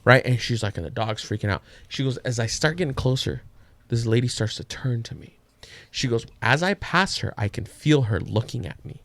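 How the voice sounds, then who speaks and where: A man's voice: mid-range voice, fairly quick, vocal fry, no room sound. A man co-hosting a podcast, telling a story in a loose, profane, slangy way. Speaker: podcast co-host. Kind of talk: casual storytelling.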